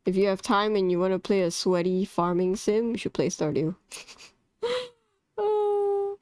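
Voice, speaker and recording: A woman's voice: mid-range voice, animated, measured pace, darkish tone, clear, resonant tone, no echo. A woman casually telling a heated story about a farming game, swearing, laughing and restarting often. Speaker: gamer vlogger.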